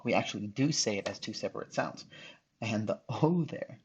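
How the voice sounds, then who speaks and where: A man's voice: on the low side, lively intonation, normal speed, a little mellow, slight background noise. A male teacher giving a recorded phonics lesson, patiently sounding out syllables and letters one by one. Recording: dull lo-fi recording.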